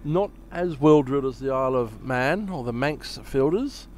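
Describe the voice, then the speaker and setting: A man commentates on a cricket match in a loose, chatty way, joking and laughing as he goes. His voice sits in a middle pitch, with faint noise underneath. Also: expressive, normal speed, darkish tone. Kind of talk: casual live sports commentary.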